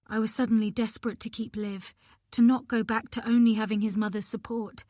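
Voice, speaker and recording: A woman's voice: medium pitch, steady tone, moderate pace, a little mellow, dry recording, studio quality. Tense woman narrating a thriller. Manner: tense, emotional first-person telling. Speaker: audiobook narrator. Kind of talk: first-person thriller narration.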